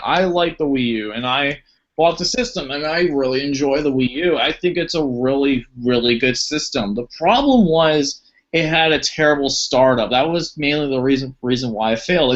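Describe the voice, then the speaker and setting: A man hosting a casual podcast who reads out gaming news steadily. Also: mid-range voice. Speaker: podcast host. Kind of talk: casual chat, reading news. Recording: dull lo-fi sound.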